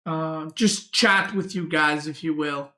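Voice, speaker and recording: Bright-voiced streamer. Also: male voice, fairly high pitch, slow. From Serbia. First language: Serbian. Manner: relaxed, answers chat questions aloud. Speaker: game streamer. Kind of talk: casual chat with stream viewers.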